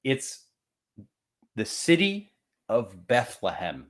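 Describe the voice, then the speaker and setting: Man, young adult, eastern Pennsylvania accent, casual whiskey chat, animated, swears lightly, mid pitch. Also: slow. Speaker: co-host.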